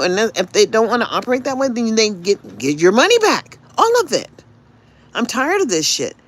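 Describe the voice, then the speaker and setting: Animated, profane woman ranting on a podcast. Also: mid-range voice. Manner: profane, animated, repeats refrains. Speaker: podcast host. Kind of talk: live solo podcast rant. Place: home.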